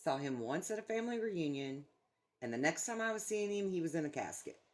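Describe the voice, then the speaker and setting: A woman's voice: low voice, animated, fairly quick, a little mellow. A middle-aged woman chatting casually, a blunt, profane storyteller who swears freely. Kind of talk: casual chat.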